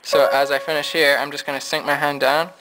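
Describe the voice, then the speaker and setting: A man gives a casual piano lesson at a fairly quick pace, thinking aloud in a relaxed, low-energy way while his voice gives out. Piano plays behind him over a noisy background.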